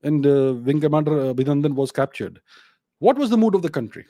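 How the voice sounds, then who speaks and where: A man's voice: a little high, expressive, quick pace, dark tone, no echo, clean studio sound. A man with an Indian English accent, hosting a solo commentary show and answering viewer questions, emphatic and full of rhetorical questions.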